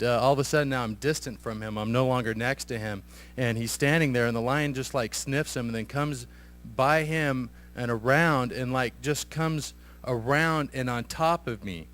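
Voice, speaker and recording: A middle-aged man stands before a church congregation and tells a personal story. He halts often, restarting sentences and filling pauses. His voice sits at an ordinary pitch for a man. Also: fairly bright tone. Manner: halting, many fillers and restarts. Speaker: church member sharing a testimony. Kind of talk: hesitant spoken testimony.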